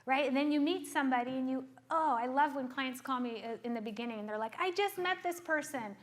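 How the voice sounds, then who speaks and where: A middle-aged woman with a fairly high voice talks as a therapist. She explains ideas earnestly to listeners, stopping often to ask whether they follow. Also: steady tone, fast talker. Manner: earnest, checks in with frequent rhetorical questions. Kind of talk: explaining to an audience.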